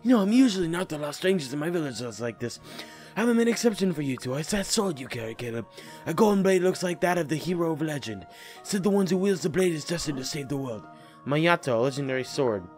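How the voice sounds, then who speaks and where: A man voicing a stern older village chief who speaks gravely, over game music. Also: on the high side, animated, a little mellow, close to an everyday voice. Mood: solemn. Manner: grave, measured.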